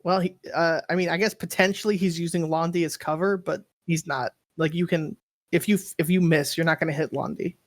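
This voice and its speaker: A game master running a tabletop game, narrating in a relaxed, halting way with lots of fillers. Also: medium pitch.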